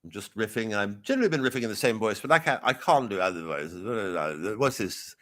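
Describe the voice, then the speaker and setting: A man riffing as a pompous royal correspondent in a rambling, deadpan, improvised satirical live commentary. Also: fairly low pitch, quick pace. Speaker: comedian in character as a royal correspondent.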